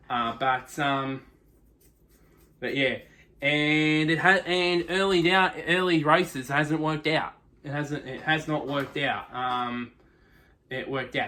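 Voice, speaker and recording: A man's voice: medium pitch, sharp tone, slight background noise. A man giving a casual motorsport race review in a rambling way, with constant restarts and fillers.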